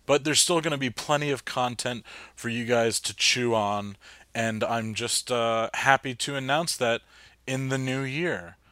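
A man's voice: mid-range voice, a little slow, sharp tone, no echo. A man from New Jersey hosting his podcast in rambling, casual chat full of fillers. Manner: rambling, chatty, lots of fillers and restarts. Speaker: podcast host.

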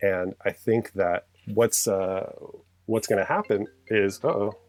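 A man's voice: lowish voice, steady tone, a little slow. A man in casual conversation, explaining his views earnestly and at length, with frequent restarts. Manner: earnest, passionate, rambling with restarts.

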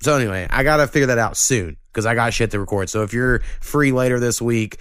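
Profane ranting man, smooth dry voice. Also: mid-range voice, fast talker, no room sound. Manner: profane, ranting, animated when annoyed. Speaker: podcast host. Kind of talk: casual podcast chat.

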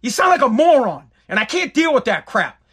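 Guy going off on a foul-mouthed rant, high bright voice. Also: fairly quick, slightly rough. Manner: profane, heated, animated ranting. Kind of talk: comedic rant.

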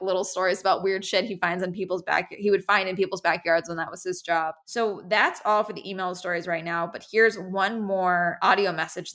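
Bright-voiced rambling woman podcast host. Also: lowish voice. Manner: rambling, swears freely, self-interrupting. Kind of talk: casual storytelling chat.

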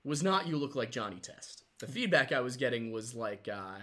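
Young male co-host, relaxed, rambling casual explanations. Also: medium pitch, moderate pace. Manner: relaxed, explains at length with many fillers. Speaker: podcast co-host. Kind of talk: casual livestream chat.

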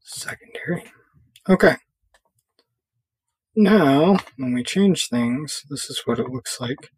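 Male tutorial presenter, slow and casual, slightly husky, dry close mic. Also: medium pitch, no echo. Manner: relaxed thinking aloud with fillers while clicking through software. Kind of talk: casual screen-recorded coding tutorial.

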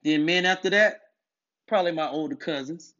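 A man's voice: fairly high pitch, normal speed, bright, forceful tone. A man delivering a monologue about masculinity, emphatic and preachy, often repeating his points. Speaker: commentator on masculinity. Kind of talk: direct-to-camera monologue. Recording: dull lo-fi audio.

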